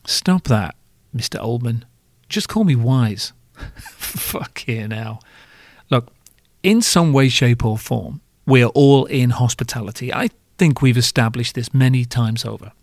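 A man's voice: mid-range voice, a little slow, a little mellow, no echo, studio quality. A man hosting a podcast, delivering a scripted comic monologue in a wry, self-mocking way with casual swearing. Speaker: podcast host.

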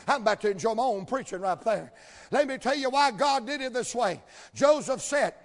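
An older man preaching a sermon, emphatic, building to shouted peaks with drawn-out dramatic phrasing. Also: very high voice. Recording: long hall reverb.

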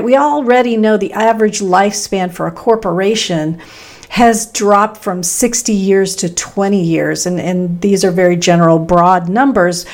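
A middle-aged woman from Texas with a Midwestern American accent, hosting a solo podcast in an upbeat, conversational way with emphatic pauses. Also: medium pitch, a little mellow. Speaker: podcast host.

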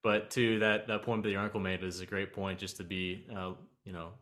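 A man's voice: deep voice, level tone, a little fast, fairly bright tone. A man hosting an interview, asking questions with loose fillers. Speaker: interview host. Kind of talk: casual interview conversation.

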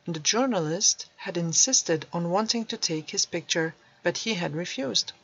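A woman narrating a storybook in a measured, even way. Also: on the low side, slightly rough. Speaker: audiobook narrator. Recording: dull dry recording.

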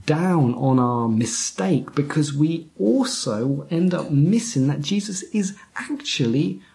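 A male pastor delivers a sermon in an unhurried, deliberate way, his voice carrying a gravelly edge. He often stumbles and repeats words, then sinks to a near-whisper to drive a point home. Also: a little high, expressive, darkish tone. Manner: halting, repeats words, drops to whispers for emphasis.

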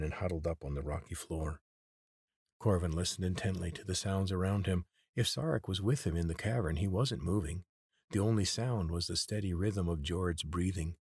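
A man reading a chapter book aloud in steady, measured storybook narration. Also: deep voice, husky, no echo, studio quality. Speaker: audiobook reader.

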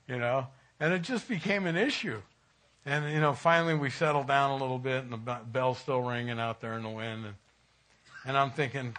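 A man's voice: mid-range voice, a little fast, a bit bright. Folksy man giving an informal sermon. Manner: folksy, conversational, with chuckling asides. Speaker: church speaker.

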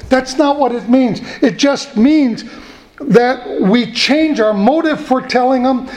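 A middle-aged man preaching a sermon in a folksy way, slowing down to repeat key points. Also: very high-pitched, a little mellow. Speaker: pastor. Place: church. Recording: echoey church room.

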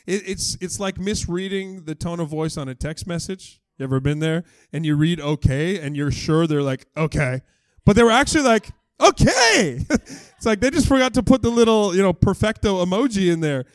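A male pastor with a high, slightly quick voice delivers a relaxed, joking sermon, animatedly acting out the voices of characters in his stories. The recording has no echo.

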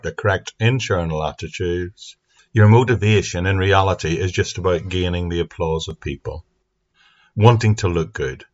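A man giving an earnest, steady Bible teaching talk into a microphone for an online audience. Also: low voice. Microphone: speaking into a mic. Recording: dull lo-fi sound.

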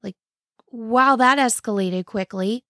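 A woman's voice: on the high side, takes it slowly, fairly bright tone, no room sound, clean studio sound. A woman hosting a casual history podcast, telling the story with wry, sarcastic asides. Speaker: podcast host.

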